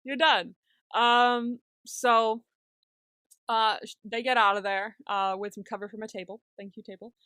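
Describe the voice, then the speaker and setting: A woman's voice: on the high side, fairly even intonation, measured pace, sharp tone, clean tone, dry recording. A woman co-hosting a podcast, recapping an episode in casual chat, laughing often and acting out the characters' lines with plenty of swearing. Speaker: podcast co-host.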